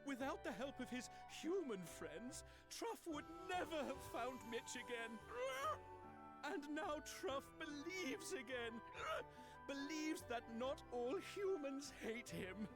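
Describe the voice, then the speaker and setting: A woman voicing a gentle, shy male creature who talks about himself in the third person, in slow, childlike speech. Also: sits high, lively intonation. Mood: grateful. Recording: game audio under loud music.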